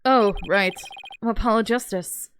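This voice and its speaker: A woman voicing a young male defense attorney in a video game, reading his lines in a polite, hesitant manner with her voice pushed down low. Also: unhurried, slight background noise, lightly acted.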